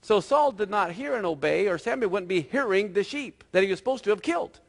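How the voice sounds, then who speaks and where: A male pastor preaching a sermon in a lively, conversational storytelling manner. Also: sits high, fairly quick, gravelly, long reverb tail.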